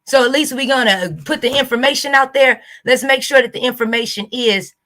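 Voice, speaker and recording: Woman host with Southern US accent, blunt and profane reaction rant, higher-pitched voice. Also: a little fast, fairly bright tone. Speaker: YouTube host. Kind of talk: casual reaction rant to camera.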